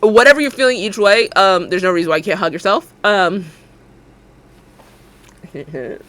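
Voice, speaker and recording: A young woman streaming live, chatting casually and playfully, quick to laugh and cheering her viewers on. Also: mid-range voice, a bit bright, no room sound. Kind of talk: casual livestream chat.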